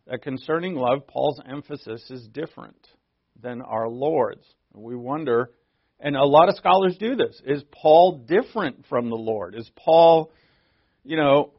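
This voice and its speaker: A man preaching from the pulpit in an easygoing, questioning way, his voice slightly gravelly at a middling pitch. The recording is dry with little room sound and a somewhat dull, lo-fi tone. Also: no echo. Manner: conversational preaching, asks the congregation questions. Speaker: pastor. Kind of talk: sermon.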